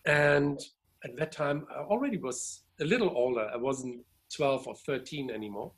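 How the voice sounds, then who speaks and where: A man's voice: mid-range voice, moderate pace. A middle-aged man from Berlin with a German accent, telling a long anecdote in casual conversation over a video call. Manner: animated, laughs while telling stories. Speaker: DJ and record collector, guest.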